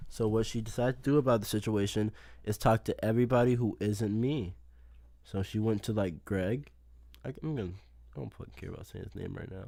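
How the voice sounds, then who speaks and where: A man's voice: fairly low pitch, brisk, gravelly, mellow, no echo. Man, casual podcast chat, storytelling, swears freely, dry sound. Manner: storytelling, swearing, laughs often. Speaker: podcast co-host.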